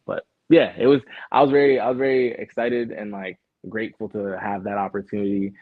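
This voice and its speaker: A man's voice: fairly low pitch, little pitch movement, a little fast, no room sound. A young Canadian man, a guest artist, chatting in a laid-back way with lots of fillers and restarts. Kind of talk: casual interview chat. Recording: muffled phone-like sound.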